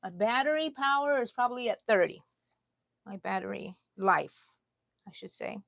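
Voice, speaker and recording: A middle-aged Texan woman hosting a casual crochet livestream, chatty, laughing often and drifting into soft asides. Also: medium pitch, expressive, normal speed, creaky, no echo, highs cut off. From Texas. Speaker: crochet channel host.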